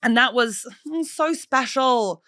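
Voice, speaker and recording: A woman's voice: sits high, slow, dry recording. Chatty English woman, dry close mic. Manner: chatty, animated, swears freely, mimics people in stories. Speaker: podcast host. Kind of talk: solo podcast storytelling.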